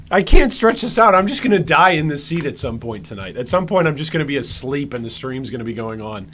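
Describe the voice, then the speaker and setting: A man's voice: a little high, expressive, brisk, fairly bright tone, slight background noise. An American man streaming live, reacting to game patch notes and talking straight to his chat in a rambling way, restarting and repeating words as he works through a point. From United States. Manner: talks directly to his chat.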